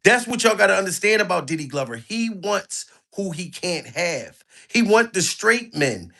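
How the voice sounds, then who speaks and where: A man giving mocking, animated comic commentary on a clip and pushing viewers to like the video. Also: high-pitched, moderate pace, gravelly. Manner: animated, mocking, begs for likes. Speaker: commentary vlogger.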